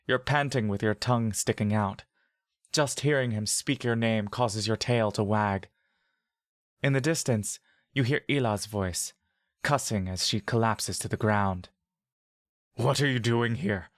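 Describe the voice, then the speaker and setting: A man reading a scripted second-person fantasy story in a steady, vivid storytelling manner. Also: fairly low pitch, a little slow, no room sound, studio quality. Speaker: narrator.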